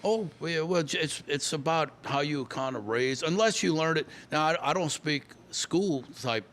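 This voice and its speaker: A man's voice: fairly high pitch, normal speed, fairly bright tone, slight background noise. A man, telling stories as a guest in a casual interview, often repeating and restarting words. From Louisiana. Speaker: guest musician.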